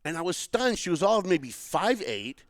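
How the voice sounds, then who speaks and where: His voice is high and swings widely in pitch, moving at a moderate pace with no room sound. This man from the Boston area hosts a podcast, spinning a long, stop-and-start story in casual political conversation.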